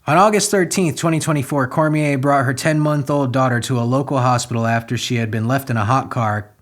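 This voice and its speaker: A man hosting a comedy podcast, reading news stories aloud and riffing on them with crude, sarcastic jokes and sudden loud outbursts. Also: medium pitch, a little fast.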